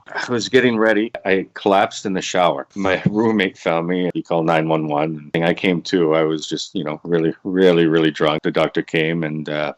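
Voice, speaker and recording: Deep-voiced Canadian man telling a story. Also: dry recording. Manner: relaxed storytelling, repeats words for emphasis. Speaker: casino dealer. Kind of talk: casual anecdote.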